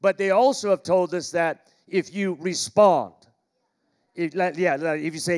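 A middle-aged American man from Los Angeles preaches to his congregation in a slightly high voice. He cracks jokes and keeps asking the crowd to repeat lines back to him. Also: normal speed, darkish tone. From Los Angeles, California. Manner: jokey, calls for audience responses. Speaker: pastor. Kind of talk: sermon. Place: large church auditorium.

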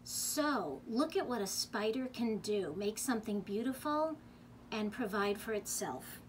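A woman librarian leading a children's storytime, reading a picture book aloud gently and expressively, then showing a craft. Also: mid-range voice, animated, unhurried, a little hiss or hum. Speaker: youth services librarian.

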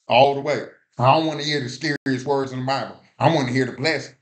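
This preacher talks fast in a steady, medium-pitched voice. His sermon is informal and vernacular, and he regularly asks the congregation, "You hear what I said?"

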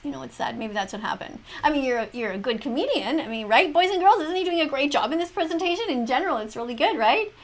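A woman's voice: sits high, animated, fast, few pauses. A woman teacher reacting to a video, lecturing and moralizing as if grading a class. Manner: lecturing, moralizing, grades with check marks. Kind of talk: reaction commentary in mock-classroom style.

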